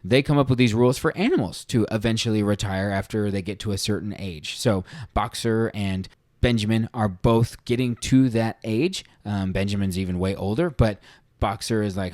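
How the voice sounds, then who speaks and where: A man's voice: on the low side, normal speed, darkish tone, no echo, clean studio sound. A man hosting a podcast, retelling a book's story in a casual, earnest, conversational way. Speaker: podcast host reviewing a book. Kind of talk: casual spoken book review.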